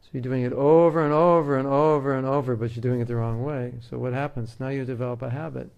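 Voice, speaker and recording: A man's voice: mid-range voice, steady tone, fast talker, creaky, a little mellow, clean tone, lo-fi sound. A man giving a devotional talk to an audience as a spiritual teacher, in a conversational, joking way with homely examples.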